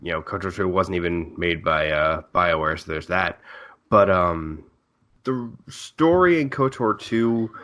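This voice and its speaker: A young man co-hosting a casual podcast while sick, who talks haltingly with many fillers. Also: on the low side, fairly bright tone. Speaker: podcast co-host. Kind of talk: casual chat.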